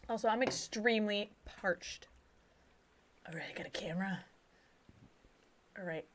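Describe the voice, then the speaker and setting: A young woman streaming a horror game, whispering game text softly and then chatting loudly and excitedly. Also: medium pitch, unhurried, a little hiss or hum. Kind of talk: live gameplay commentary.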